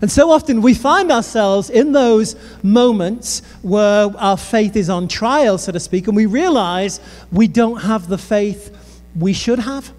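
Faint music plays behind a British man whose voice sits high and moves a little slowly. He delivers a sermon through funny, lively stories, turning to address the crowd directly. The large hall gives a long reverb.

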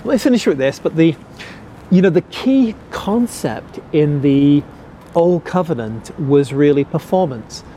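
A middle-aged man, preaching a sermon earnestly and slowing down to stress key words. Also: on the high side, expressive, mellow, a little hiss or hum. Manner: earnest, repeats key phrases slowly for emphasis. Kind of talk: sermon teaching.

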